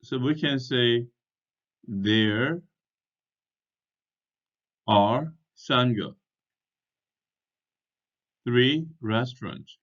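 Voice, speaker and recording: Male teacher; very slow and deliberate, spells words out, dull lo-fi sound. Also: medium pitch. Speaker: English teacher. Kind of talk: slow explanatory language lesson. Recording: dull lo-fi recording.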